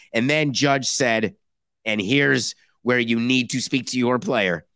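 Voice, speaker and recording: A man hosting a sports podcast, delivering a sarcastic, animated monologue and mock-quoting other people. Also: medium pitch, slow pace, no echo, studio quality. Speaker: podcast host. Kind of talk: opinionated sports talk monologue.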